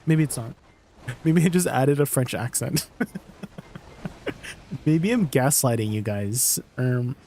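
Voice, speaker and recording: A man's voice: medium pitch, animated, slow, pauses often, warm tone, a little hiss or hum. A man streaming a game, chatting casually and rambling, often asking his chat questions and laughing easily.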